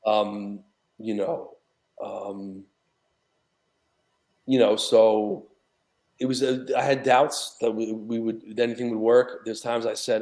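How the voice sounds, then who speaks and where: A man's voice: on the low side, fairly even intonation, takes it slowly, long pauses, darkish tone. A man speaking as a guest in a casual interview, from New York, rambling with many fillers and restarts. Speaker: guest, documentary associate producer.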